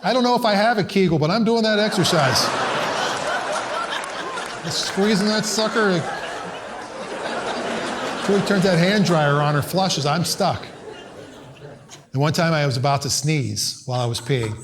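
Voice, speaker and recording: Animated stand-up comic, slightly high voice. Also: male voice, measured pace, long pauses, crowd noise. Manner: animated storytelling with voiced asides and squawks. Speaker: stand-up comedian. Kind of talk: stand-up comedy set. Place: live comedy venue with audience. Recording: live stage recording, audience noise.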